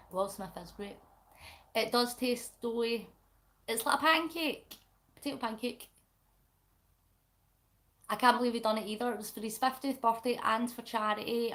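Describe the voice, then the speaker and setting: A Scottish woman from Scotland, a vlogger chatting casually with her viewers, explaining things playfully and giggling often. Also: a little high. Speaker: vlogger reading viewer comments.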